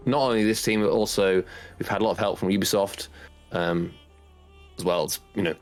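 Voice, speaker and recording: A man hosting a gaming tournament stream, talking in a rambling, heartfelt way with lots of fillers. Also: fairly low pitch. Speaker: tournament organizer and host. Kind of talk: casual stream chat.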